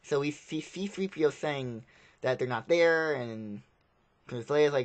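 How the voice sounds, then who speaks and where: A man's voice: mid-range voice, unhurried. Rambling man reviewing a film. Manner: rambling, repeats himself, plain-spoken. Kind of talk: casual spoken film review.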